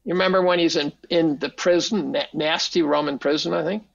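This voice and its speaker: Older man, gravelly voice, dry close sound, animated profane storytelling. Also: on the high side, fairly quick, dry recording, dull audio. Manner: animated, profane, acts out quotes. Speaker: podcast guest. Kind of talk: casual storytelling.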